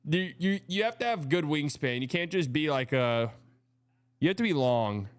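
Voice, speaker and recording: A man hosting a live watch party, reacting excitably to plays and chatting between them. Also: fairly high pitch, normal speed, smooth, dry recording, studio quality. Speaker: show host.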